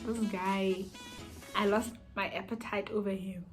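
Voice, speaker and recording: A young South African woman telling a storytime vlog in an animated, chatty, self-mocking way. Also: medium pitch, measured pace, faint music behind. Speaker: YouTuber.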